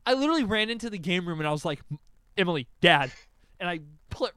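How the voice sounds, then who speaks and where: Animated young man telling a story. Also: sits high, very fast, clear, resonant tone, no room sound. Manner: animated storytelling, acting out his own reactions. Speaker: podcast co-host. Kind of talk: casual chat, album reaction.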